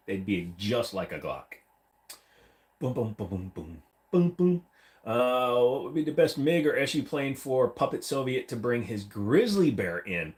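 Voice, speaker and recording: Rambling, animated man chatting on a livestream. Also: medium pitch. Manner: rambling, joking, jumps into silly voices. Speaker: livestream host. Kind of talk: casual livestream chat with viewers. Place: home room, seated against a wall.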